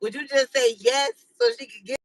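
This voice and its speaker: A woman's voice: high voice, wildly swooping pitch, fairly quick, gravelly, no room sound, rough recording. A woman hosting her channel, chatting casually with live viewers in a slangy, rambling way full of "like" and "you know.". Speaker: channel host.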